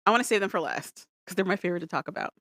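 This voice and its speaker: Talking very fast in a lowish voice, a woman co-hosts a podcast and recaps reality shows in casual chat. She's animated, acting out quotes with playful voices, and the recording is dry and clean studio sound.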